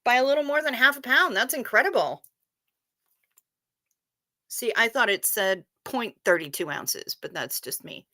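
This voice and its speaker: A woman with a bright, crisp voice hosts a relaxed livestream and chats with her viewers. She talks in a playful, rambling way, reads their messages aloud and swears now and then. The sound is close and dry, with no room echo. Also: fairly high pitch, moderate pace, pauses often. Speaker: livestream host. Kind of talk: casual livestream chat with viewers.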